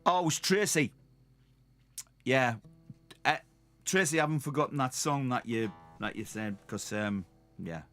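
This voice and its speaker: A man's voice: mid-range voice, measured pace, pauses often, a bit bright, faint music behind. A man with a Geordie accent, hosting a live stream and chatting in a rambling, self-mocking way to his viewers. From North East England. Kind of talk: casual chat to viewers.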